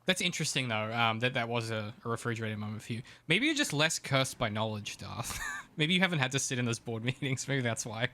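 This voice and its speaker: A man's voice: mid-range voice, lively intonation, brisk, sharp tone. A man co-hosting a podcast in casual chat, chatty and profane with frequent ums. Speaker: podcast co-host.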